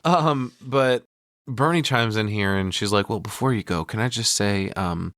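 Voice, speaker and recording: A man's voice: fairly low pitch, normal speed, no echo, studio quality. A man co-hosting a casual podcast, recapping a film with lots of swearing and acting out the characters' lines. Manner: lively storytelling, acts out characters' lines.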